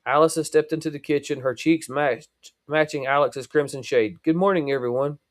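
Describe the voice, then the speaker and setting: A man, a podcast host, reading a chapter of his novel aloud in a steady storytelling voice. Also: a little high, normal speed.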